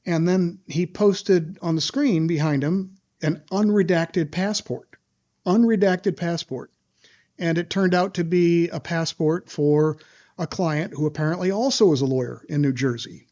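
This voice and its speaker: A man's voice: fairly high pitch, measured pace, a little mellow, muffled recording. Indignant man retelling a story. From Wisconsin. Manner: indignant, retelling events with acted quotes and frequent "uh" fillers. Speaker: lawyer interviewed as guest. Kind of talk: recounting a story in an interview.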